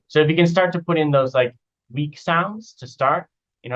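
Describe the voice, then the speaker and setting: A man giving casual spoken feedback as an IELTS speaking teacher, relaxed and repeating example phrases to model how they sound. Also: fairly high pitch, normal speed, highs cut off. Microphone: online video call.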